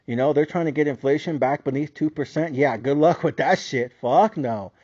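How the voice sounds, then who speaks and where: High-voiced man in a profane rant. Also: moderate pace, warm tone, muffled recording. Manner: profane, heated rant with mocking put-on voices. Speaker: podcast host. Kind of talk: solo ranting commentary.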